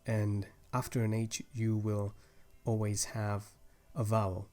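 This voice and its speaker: A man's voice: fairly low pitch, flat delivery, slow pace, mellow, faint music behind. A young man patiently explaining grammar rules step by step in a language lesson, with small restarts as he goes. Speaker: language teacher.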